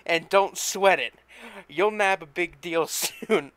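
A man reading a story, voicing an excited, swaggering young salesman full of himself. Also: high voice, takes it slowly, voice pushed up. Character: brash, boastful young male salesman.

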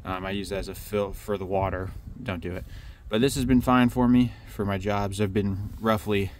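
A man talks in a low, level drone with almost no rise or fall, walking through his work setup outdoors. He is blunt and casual, curses easily, and slips in dry jokes about himself. Light outdoor noise sits under the voice. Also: moderate pace. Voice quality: monotone. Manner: blunt, casual, swears, dry self-mocking humor. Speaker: pressure washing business owner. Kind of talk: casual walkthrough vlog. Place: outdoors beside a work trailer.

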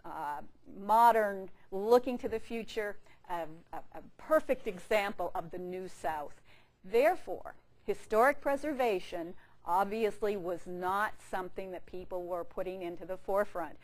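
A woman's voice: medium pitch, normal speed, a little mellow. A woman curator giving a chatty, good-humoured public lecture in a museum lecture room, speaking into a handheld microphone, with frequent fillers and restarts. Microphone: handheld microphone with a power pack.

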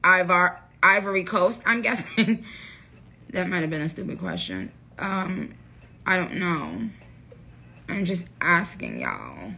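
Bright-voiced woman chatting on a livestream. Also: lowish voice, sing-song, takes it slowly, gravelly, husky. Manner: playful, chatty, addressing viewers. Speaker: livestream host. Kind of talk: casual livestream chat.

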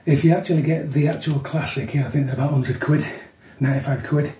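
Softly chatty man in an echoey room. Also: a little high, steady tone, quick pace. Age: 50s. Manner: chatty, keeps adding "yeah", talks softly to avoid waking people. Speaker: fitness vlogger. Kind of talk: casual workout vlog. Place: room at home. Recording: echoey room, mic at a distance.

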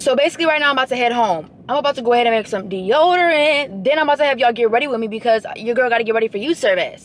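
A young woman chatting casually to her vlog camera, sassy and talkative, talking back at other drivers. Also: on the high side. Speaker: vlogger. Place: in a car while driving, then at home. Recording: noisy car recording with wind.

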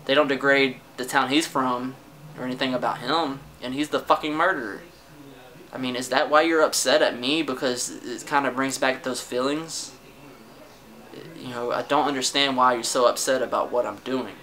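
A man's voice: medium pitch, fairly even intonation, normal speed, bright, forceful tone, rough recording. Frustrated, swearing young man venting on camera. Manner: frustrated, defensive, swears often, trails off and restarts. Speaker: vlogger. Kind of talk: casual personal rant to camera. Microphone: camera mic.

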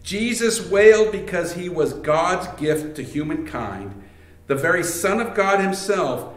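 Guy preaching a sermon, kinda chatty, lots of you knows and restarts, voice on the high side, roomy echo. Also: animated, measured pace. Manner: conversational preaching with frequent fillers and restarts. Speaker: pastor. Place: church sanctuary. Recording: echoey church room.

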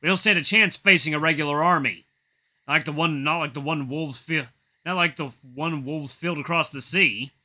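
A man voicing a proud, fierce old female wolf elder, indignant and loud, in a visual novel reading. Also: on the high side, normal speed. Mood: defiant. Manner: shouting, indignant.

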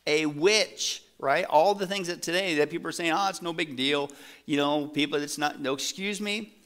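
Male pastor, middle-aged, fairly high voice, lively sermon, quizzes the audience, casual slang. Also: normal speed, smooth. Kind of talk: sermon teaching.

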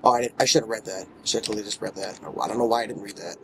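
A man with a fairly low, creaky, fairly bright voice talks rapid-fire over slight background noise. He's a let's play gamer casually commenting on his gameplay in a room at home with his dogs nearby, playfully cooing baby talk at his character and swinging between muttering and exclamations.

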